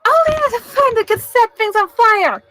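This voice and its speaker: A woman game master voicing an evasive, panicky woman witness in a tabletop game. She keeps denying and breaks into shouts. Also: high-pitched, takes it slowly, slightly rough, no echo, full character voice, low-quality recording. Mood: panicked.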